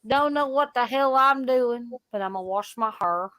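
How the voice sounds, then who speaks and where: A woman with a Tennessee accent hosting a casual co-stream, playful and quick to laugh. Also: on the high side, fairly bright tone, no room sound. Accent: Southern US, Tennessee. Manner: playful, laughing, affectionate teasing. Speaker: livestream host.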